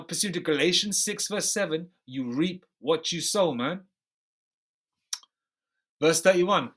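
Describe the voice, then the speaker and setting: A man teaching a scripture study. He reads verses slowly and deliberately, then comments emphatically in loose slang, often tagging on "okay?" and "man". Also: fairly high pitch, a bit bright. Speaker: bible teacher.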